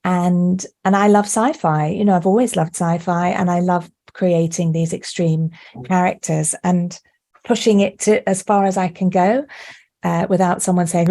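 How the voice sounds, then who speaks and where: A woman who is an actor and director, chatting as a podcast guest over a remote call, lively and quick to laugh. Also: on the low side. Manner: lively, laughs often, animated storytelling. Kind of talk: podcast interview chat. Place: remote call, not with the hosts.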